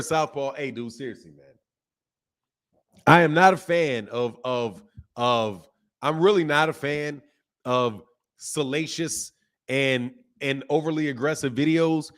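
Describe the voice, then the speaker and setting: A man hosting a casual live stream about boxing, talking in slang and reacting to chat comments. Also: mid-range voice. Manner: animated, slangy, reads chat comments aloud. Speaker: boxing channel host.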